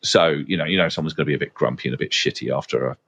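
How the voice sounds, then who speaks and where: Deep guy, podcast host, chatty and blunt, lots of "you know". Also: rapid-fire, creaky, a bit bright, breathy edge. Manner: frank, swears casually, frequent fillers. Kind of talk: casual conversational anecdotes.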